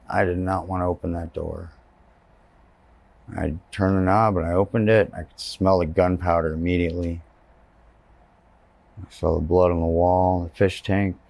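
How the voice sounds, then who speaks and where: A man's voice: sits low, gravelly, a little mellow. A man from Texas giving personal testimony in an interview, telling his story candidly and plainly.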